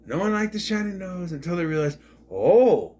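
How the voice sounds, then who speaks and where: A man's voice: high voice, quick pace, slight background noise. A man giving a rambling, blunt and sarcastic casual movie review.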